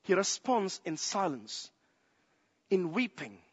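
A man preaching a sermon, speaking slowly and emphatically and asking rhetorical questions. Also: high voice, sing-song, breathy edge. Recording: dull lo-fi sound in a reverberant hall.

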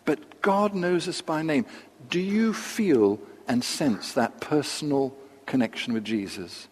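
An older man preaching a sermon, measured and unhurried, with pauses and asides. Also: on the high side, a little mellow, husky. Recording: long reverb of a large hall.

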